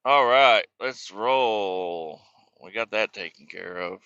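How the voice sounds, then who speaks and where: A man's voice: lowish voice, takes it slowly, bright, forceful tone, smooth, dry recording. A man in his thirties streaming a trucking game, chatting casually and telling rambling, profane stories. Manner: rambling, profane, laid-back. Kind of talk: casual gameplay chat and storytelling. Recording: slightly muffled dry mic.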